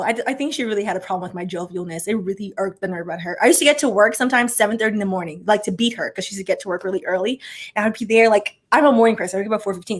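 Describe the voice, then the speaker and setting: A woman in her thirties, a former attorney hosting her channel, chatting casually and reacting to viewer comments with quick tangents and lots of filler words. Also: on the high side.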